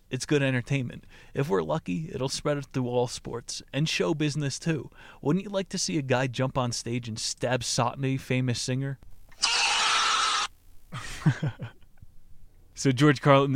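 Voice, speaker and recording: A man's voice: medium pitch, no room sound. Dry-voiced male podcast host reading aloud. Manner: deadpan reading broken by laughing, profane asides. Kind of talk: reading a book aloud with casual commentary.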